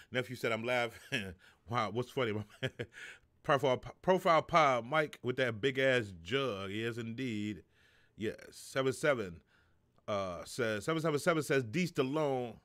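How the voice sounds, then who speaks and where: A man's voice: medium pitch, unhurried, fairly bright tone. A middle-aged man hosting a live stream, talking loosely and profanely, joking and reading chat messages aloud. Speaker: live show host. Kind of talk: casual live-stream talk.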